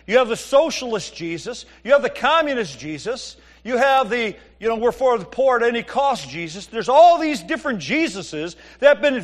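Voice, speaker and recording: High-voiced joking preacher man. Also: fairly bright tone. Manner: conversational, joking storytelling with Bible reading. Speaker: pastor. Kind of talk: sermon.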